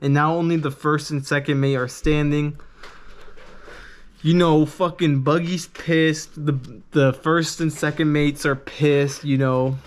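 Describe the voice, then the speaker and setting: Young male manga reviewer, laid-back, rambly, cussing freely, slightly higher voice. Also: fairly even intonation, slow.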